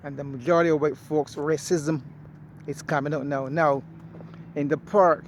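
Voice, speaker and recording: A man speaks with a somewhat raised pitch while he walks through an outdoor park. He holds a phone to record himself. His delivery is casual but blunt and preachy, and faint traffic hums behind him. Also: fairly even intonation, moderate pace. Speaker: vlogger. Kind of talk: casual walking monologue.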